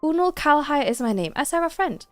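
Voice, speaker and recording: A woman's voice: sits high, very animated, quick pace. A woman reading aloud the formal lines of a mysterious male game stranger. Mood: solemn.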